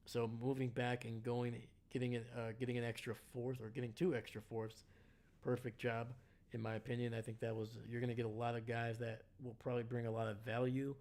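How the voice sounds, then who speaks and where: A man's voice: mid-range voice, little pitch movement, brisk, darkish tone. A tired man giving casual, rambling live-stream commentary to his chat, often correcting himself as he goes. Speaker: live draft reaction streamer.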